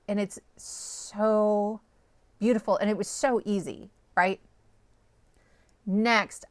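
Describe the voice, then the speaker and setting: In a step-by-step crafting tutorial, a woman host, an adult parent of small children, guides viewers through making a card, chatty and upbeat with frequent "okay?" and "right?" check-ins. Her medium-pitched voice is bright, forceful, clear and resonant, with no echo.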